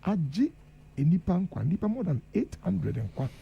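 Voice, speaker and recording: A man's voice: high voice, very animated, moderate pace, creaky, slightly rough, lo-fi sound. A Ghanaian man speaking as the guest professor on a radio panel, earnest and emphatic, switching between Twi and English. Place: radio studio.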